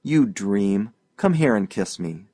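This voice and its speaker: A man voicing an eager, boastful young northern man in an audiobook, loud, pushy and emphatic. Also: on the low side, animated, slow pace.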